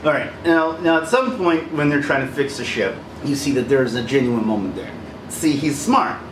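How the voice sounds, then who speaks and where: A man's voice: mid-range voice, expressive, moderate pace, reverberant, distant mic, over music, poor audio. A man hosting a casual commentary video, talking animatedly and laughing often as he acts out quotes. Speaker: video essay host. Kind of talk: casual commentary over film clips.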